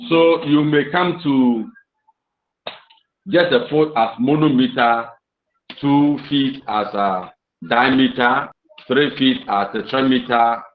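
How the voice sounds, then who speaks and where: A male teacher explains poetry at an unhurried, measured pace, saying key phrases twice as he goes. His voice sits in a roomy, echoing space, and the recording has a dull, lo-fi tone. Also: medium pitch, slight background noise. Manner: slow, deliberate, often repeats phrases. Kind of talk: classroom lecture.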